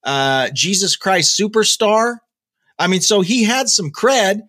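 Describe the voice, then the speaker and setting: A man's voice: high-pitched, expressive, slow pace, sharp tone. Chatty man hosting a rock news show. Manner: chatty, jokey asides, many fillers and restarts. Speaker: podcast host. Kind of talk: casual news commentary.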